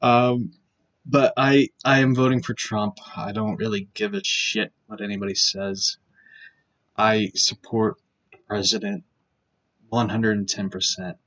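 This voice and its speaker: A man's voice: on the low side, fairly even intonation, measured pace, a bit bright, dull audio. A man vlogging in a casual political rant, blunt and profane, circling back with fillers and repeated points.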